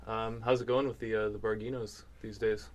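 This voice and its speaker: A man's voice: on the low side, brisk. A man hosting a casual radio show, talking loosely with many ums and uhs. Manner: relaxed, hesitant with many fillers. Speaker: radio host.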